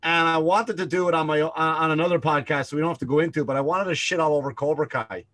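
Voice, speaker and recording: A man's voice: a little high, rapid-fire, a bit bright. A man co-hosting a casual podcast over a video call, ranting and swearing, slipping into mocking impressions. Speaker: podcast co-host. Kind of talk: casual chat. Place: remote call over Zoom.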